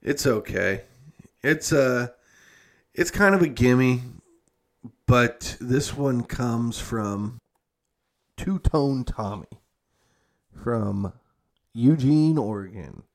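A man's voice: medium pitch, expressive, drawn-out words, pauses often. A young adult man hosting a podcast in casual chat, rambling and swearing freely, with many fillers and restarts. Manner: rambling and heavily profane, with frequent fillers and self-corrections. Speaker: podcast host.

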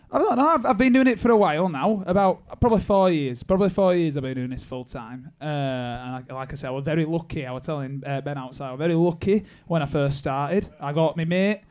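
A man's voice: on the high side, animated, brisk, hardly any pauses. A young man with a northern English accent, a singer chatting casually and laughing at himself. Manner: laughing, self-mocking banter. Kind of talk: casual chat.

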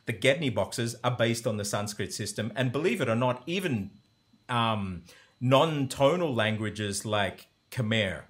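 A man's voice: medium pitch, lively intonation, a little slow. A man teaching language sounds in a conversational, enthusiastic way, often voicing sample syllables to demonstrate. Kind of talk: conversational explanation.

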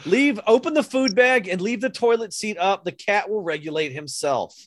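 A young man chatting casually as a podcast co-host, joking and mocking with quick impressions. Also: sits high, no room sound, studio quality. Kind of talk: casual chat.

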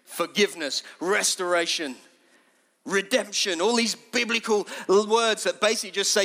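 A man preaching with real fervour, his voice high and bright and edged with tension. He sinks to near-whispers, then climbs into ringing, urgent calls to his listeners. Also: steady tone, normal speed, vocal fry. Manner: impassioned, swings from hushed to shouting. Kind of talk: sermon.

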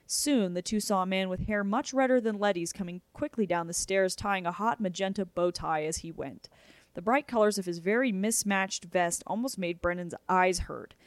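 A woman narrating a novel aloud in a steady, even storytelling manner. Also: mid-range voice, normal speed, dry recording. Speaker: audiobook narrator.

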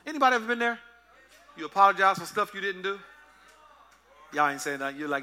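Male pastor, high voice, AAVE, playful sermon delivery with sung bits. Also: animated, quick pace, sharp tone, clear, resonant tone. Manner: playful, joking with the congregation, singing in bits.

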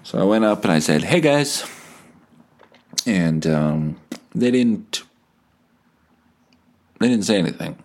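A man in his thirties with a somewhat low voice delivers a comic podcast monologue. He rambles from tangent to tangent, mocks himself and swears freely. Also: a little slow, long pauses, darkish tone. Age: 30s. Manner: rambling, digressive, profane storytelling; self-deprecating. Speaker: podcast host.

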